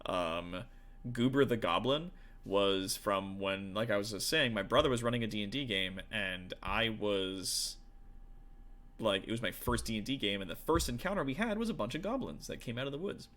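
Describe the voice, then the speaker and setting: A man's voice: lowish voice, expressive, normal speed, a bit bright. A man, a tabletop game master and streamer, chatting casually with viewers in a rambling, profane way full of fillers.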